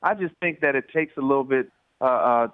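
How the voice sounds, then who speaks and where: A man in his forties calling in to an interview by phone, telling stories with lively energy and repeated starts. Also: medium pitch, a little fast, clean tone, dry recording. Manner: animated storyteller, repeats words. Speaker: guest calling in. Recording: tinny dry phone line.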